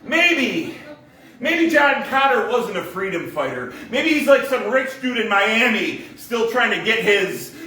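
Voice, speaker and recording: High-voiced sarcastic man doing stand-up. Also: pushed and bright. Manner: sarcastic, mock-conspiratorial rants with frequent laughs. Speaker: comedian. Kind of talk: stand-up comedy set. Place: coffee shop open mic. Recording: echoey room, mic at a distance.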